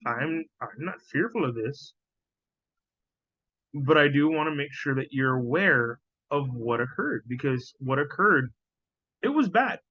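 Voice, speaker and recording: A man's voice: fairly high pitch, lively intonation, measured pace, pauses often, slightly rough, dry recording, lo-fi sound. A man hosting a podcast, reacting to clips in casual commentary, scornful and profane, often repeating himself.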